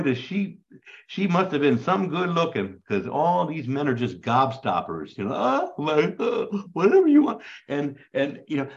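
A male Bible class teacher lectures casually, animated and playful, breaking into jokes and hammy asides. His voice sits at a middle pitch. The recording is dull and lo-fi. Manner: animated, joking, self-described ham.

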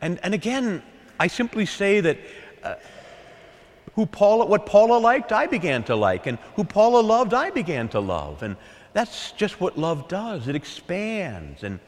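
A man who is a priest, preaching a sermon with lively emphasis, repeating key phrases and asking his listeners to agree. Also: high-pitched, a little slow, big-room sound.

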